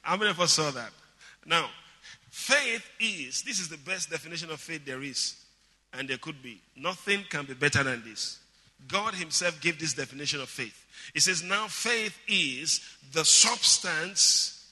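Bright-voiced male preacher in a reverberant hall. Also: on the high side, expressive, normal speed. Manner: emphatic teaching, repeats key words, calls for congregation response. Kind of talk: sermon. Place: church hall. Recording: long reverb of a large hall.

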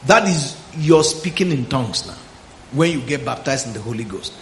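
A man's voice: medium pitch, expressive, moderate pace, reverberant, a little hiss or hum. A man preaching a Bible teaching sermon, often questioning the congregation and drawing out words for emphasis. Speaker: pastor.

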